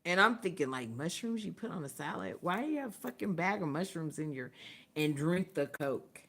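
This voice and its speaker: A woman's voice: low-pitched, animated, moderate pace, fairly bright tone. A woman hosting a livestream, telling a story in casual, profane talk and laughing often. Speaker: livestream host. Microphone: phone or webcam, livestream.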